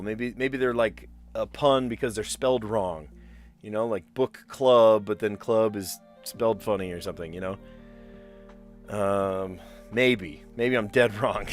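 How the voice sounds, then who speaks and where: Streamer, male, low voice, casual think-aloud puzzle talk, faint music underneath. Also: a little slow. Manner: thinks aloud, muttering guesses; chatty with viewers. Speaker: streamer solving word puzzles.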